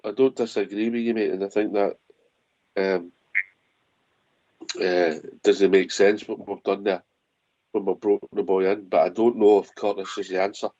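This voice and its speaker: A man's voice: fairly low pitch, fairly even intonation, normal speed, long pauses, warm tone, dry recording, lo-fi sound. A Scottish man hosting a football phone-in, chatting casually and passing to callers. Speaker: host.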